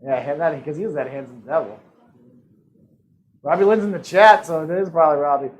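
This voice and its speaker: A man emcees a live-streamed trivia game with a fairly high voice, heard through poor recording quality. His style is casual and upbeat, dotted with jokes and quick laughter.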